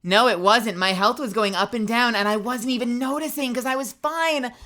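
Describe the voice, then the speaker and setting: A woman's voice: fairly high pitch, normal speed. A woman livestreaming a game, chatting casually and swearing a lot as she tells stories and reacts to the play. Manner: profane, chatty storytelling; bursts into loud outrage during play. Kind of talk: casual live gameplay chat.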